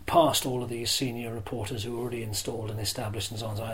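An older man, a former broadcaster being interviewed, telling self-deprecating stories in a chatty, lively way. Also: medium pitch, very fast, poor audio. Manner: lively storyteller who acts out crowd shouts. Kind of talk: anecdotal interview storytelling.

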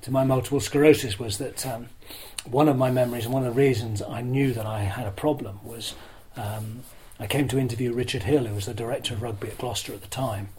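An older man, a former broadcaster being interviewed, telling self-deprecating stories in a chatty, lively way. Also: mid-range voice, fast, hardly any pauses, low-quality recording. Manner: lively storyteller who acts out crowd shouts. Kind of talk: anecdotal interview storytelling.

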